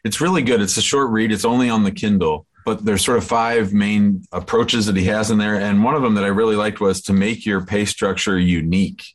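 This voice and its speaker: Deep-voiced male podcast co-host. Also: steady tone, a little fast, few pauses. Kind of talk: casual podcast chat.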